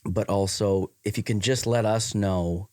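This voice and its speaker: A man's voice: on the low side, fairly even intonation, unhurried, a little mellow, no room sound, clean studio sound. Rambling man with a Wisconsin accent. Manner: rambling, many fillers and restarts. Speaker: podcast co-host. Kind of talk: casual podcast chat.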